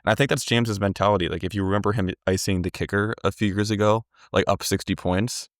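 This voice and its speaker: A man's voice: on the low side, fairly even intonation, quick pace, no room sound, studio quality. A young man co-hosting a casual sports podcast, making his points in an earnest, emphatic, rambling way. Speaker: podcast co-host.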